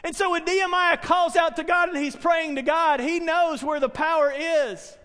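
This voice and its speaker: A man's voice: extremely high pitch, fairly even intonation, moderate pace, bright, forceful tone, long reverb tail. A man preaching a sermon, telling stories earnestly and building to emphatic proclamations. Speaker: pastor.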